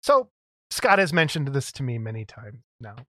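A man's voice: medium pitch, big pitch swings, normal speed, pushed and bright, dry recording, clean studio sound. A man co-hosting a podcast in casual banter, defending how he mumbles when nervous. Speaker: podcast co-host.

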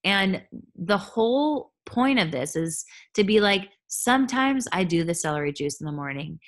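A woman's voice: medium pitch, normal speed. A woman in her thirties, a holistic health coach, talking candidly and chattily on her own podcast. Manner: candid, chatty, animated asides. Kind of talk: solo podcast monologue.

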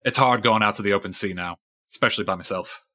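A man voicing a grizzled old one-legged male fisherman who talks gruff and blunt. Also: lowish voice, quick pace, sharp tone, no room sound.

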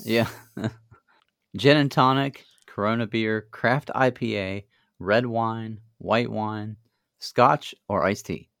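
A man's voice: on the low side, steady tone, takes it slowly, gravelly, a bit bright, smooth, dry recording, studio quality. A man hosting a casual interview, asking brief questions and laughing along. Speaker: podcast host.

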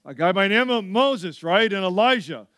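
A male pastor preaching a sermon, telling stories with lively asides to the church. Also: high voice, moderate pace, clear, resonant tone, dry recording, clean studio sound. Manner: animated storytelling with frequent asides.

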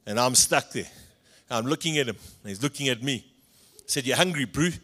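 A middle-aged South African man preaching a sermon, his voice sitting at an ordinary middle pitch. He tells his stories in a lively way and slips Afrikaans phrases in among the English. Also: a little fast. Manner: storytelling, animated, switches into Afrikaans phrases. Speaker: pastor.

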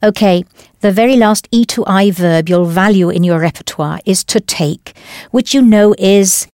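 A woman leading a scripted audio language lesson, explaining patiently and deliberately into a close studio mic. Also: mid-range voice, darkish tone, no echo. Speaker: language teacher.

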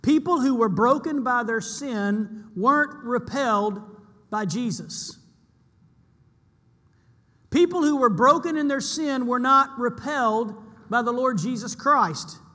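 High-voiced, bright man preaching. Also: slow, long reverb tail. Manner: earnest, emphatic preaching with repeated phrases. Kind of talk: sermon.

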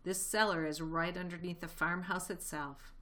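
A woman's voice: fairly low pitch, fairly even intonation, normal speed, sharp tone. Storybook fox, male, clever and sure of himself; a woman voices him. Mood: confident.

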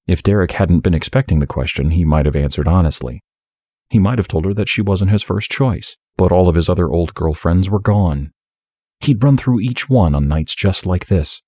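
A man narrating an audiobook story in a steady, measured way. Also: low voice, slightly rough, no echo, clean studio sound.

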